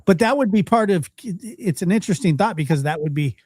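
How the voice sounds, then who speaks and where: A man's voice: high voice, expressive, brisk, a little mellow, husky, dry recording. A man hosting a live talk stream, thanking callers and chatting in a friendly, conversational way. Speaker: host.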